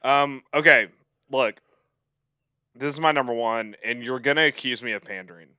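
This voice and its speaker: A man's voice: mid-range voice, moderate pace, pushed and bright, clean tone, dry recording, clean studio sound. A man on a podcast talking casually, rambling and hesitant with lots of ums. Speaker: podcast co-host. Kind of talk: casual chat.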